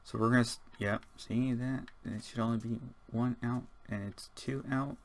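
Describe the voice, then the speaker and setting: A man's voice: medium pitch, steady tone, normal speed. A man giving rambling, casual let's-play commentary, chatting and muttering to himself as he builds. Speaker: gaming channel host.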